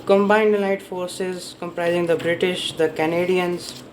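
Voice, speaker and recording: A man's voice: high-pitched, flat delivery, measured pace, a little hiss or hum, rough recording. A man giving a casual spoken summary of a history book, rambling and often correcting himself as he stumbles over names and dates. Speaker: book reviewer.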